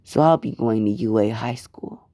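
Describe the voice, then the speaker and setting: A man's voice: on the low side, moderate pace, warm tone, no room sound, studio quality, lightly acted. A man doing a cold, menacing teenage boy. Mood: scornful.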